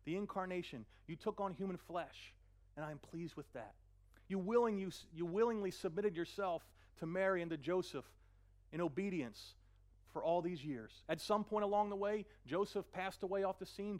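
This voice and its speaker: A man's voice: high voice, darkish tone. A man preaching a sermon, earnest, often repeating a word as he gathers his thoughts. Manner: earnest, repeats words while searching, slows for scripture. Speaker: pastor.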